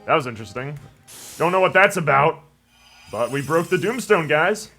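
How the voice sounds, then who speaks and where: A young man hosting a gaming channel's let's play chats in a rambling, jokey way, reading game dialogue aloud in voices. His voice is a little high, expressive and sharp at a normal speed, with faint game music in the background.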